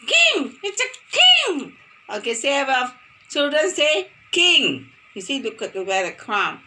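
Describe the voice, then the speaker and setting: Woman teacher doing a kids phonics lesson, high bright voice that bounces around, slow and singsongy. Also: wildly swooping pitch, slight background noise. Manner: sing-song, playful, repeats words for kids to copy.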